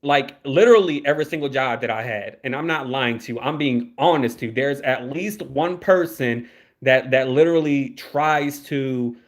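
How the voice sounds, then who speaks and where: A man's voice: mid-range voice, moderate pace. Rambling young man on a livestream. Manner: rambling, repeats words, swears freely. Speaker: YouTube commentator. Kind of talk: casual livestream commentary.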